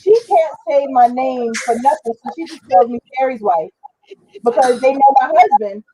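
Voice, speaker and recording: A woman's voice: high voice, normal speed, warm tone, slight background noise, low-quality recording. A woman talking on a panel show in casual conversation, trailing off and restarting now and then.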